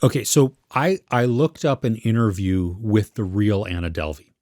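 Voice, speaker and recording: Co-hosting a podcast, a man talks at normal speed in a lowish, slightly mellow voice about a series he watched, hunting for words in casual film review chat. The sound is clean studio quality with no room sound.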